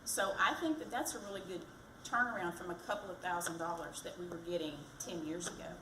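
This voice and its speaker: A woman with a lowish voice speaks quickly, making a chatty, self-deprecating campaign speech for county treasurer. It's a fire department community event, and the echoey audio from a distant mic carries background noise.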